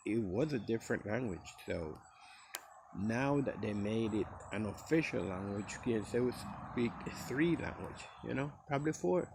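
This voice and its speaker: Slow, gravelly man with a Costa Rican Creole accent. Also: mid-range voice, a little mellow, slight background noise. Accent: Costa Rican Caribbean Creole English. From Costa Rica. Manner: rambling and easygoing, with many fillers. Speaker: speaker sending a recorded message to a friend. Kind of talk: casual recorded monologue.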